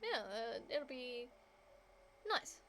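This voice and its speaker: A woman's voice: fairly high pitch, sing-song, very slow, bright, forceful tone, slight background noise. A woman game streamer chatting casually to her viewers, rambling with lots of fillers.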